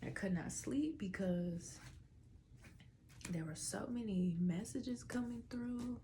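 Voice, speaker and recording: A woman's voice: medium pitch, takes it slowly, warm tone, slight background noise. A woman giving a casual tarot reading to viewers, with a stuffy nose, drawling through fillers and dropping into whispers. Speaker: tarot reader.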